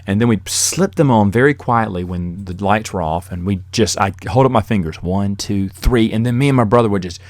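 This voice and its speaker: A man's voice: on the low side, brisk, hardly any pauses, no room sound, clean studio sound. A man hosting a podcast on his own, telling rambling stories in a casual monologue and chuckling as he goes. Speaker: podcast host.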